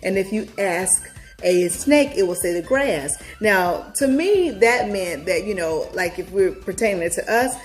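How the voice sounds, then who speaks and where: A woman vlogger talking casually to her viewers, chatty and upbeat, reflecting on a book with sudden excited leaps in her voice. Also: unhurried, soft background music. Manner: chatty, talks straight to viewers, big excited pitch jumps.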